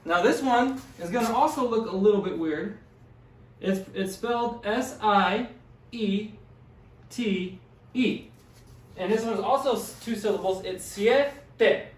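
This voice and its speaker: A man's voice: sits high, unhurried, pauses often. A man teaching a classroom language lesson, patiently sounding out words and encouraging his students. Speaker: Spanish teacher. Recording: echoey room, distant mic.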